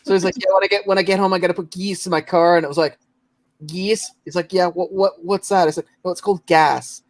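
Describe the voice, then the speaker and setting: Chatty high-voiced man from Ontario. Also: steady tone, quick pace, no echo, low-quality recording. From Ontario, Canada. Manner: chatty, laughs often, trails off and restarts. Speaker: host of a late-night collectors' stream. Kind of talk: casual chat.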